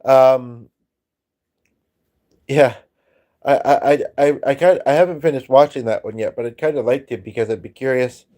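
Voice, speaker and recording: A man's voice: medium pitch, normal speed, long pauses, mellow. A man hosting a casual chat stream, rambling and hesitant, with frequent chuckles and filler ums. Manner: hesitant, many ums and restarts, chuckles often. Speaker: host of a music and chat stream.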